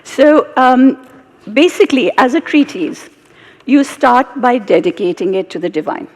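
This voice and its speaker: Gravelly British woman telling stories on stage. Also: fairly high pitch, unhurried. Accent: British English. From Britain, of Indian heritage. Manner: animated, expressive storytelling with asides. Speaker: storyteller and guest speaker. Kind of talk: live onstage storytelling conversation. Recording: reverberant live hall.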